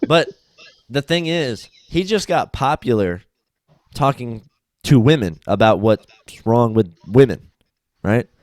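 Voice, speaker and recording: A young man talking on a casual podcast. He tells stories with energy and acts out what people said in quick voices. His delivery is loose and profane, and his voice sits in a middle range with a dry, close, unroomy sound. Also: medium pitch, no room sound. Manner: animated storyteller, acts out quotes in voices. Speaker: podcast host.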